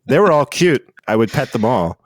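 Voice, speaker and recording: A man's voice: medium pitch, sing-song, normal speed, no echo. A young American man co-hosting a podcast, chatting casually with playful, self-mocking asides. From United States. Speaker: podcast co-host. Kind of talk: casual chat.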